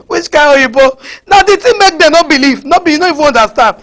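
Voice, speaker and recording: Woman preacher, high voice, animated sermon, asks the crowd "huh?", slips into pidgin. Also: fast talker. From West Africa.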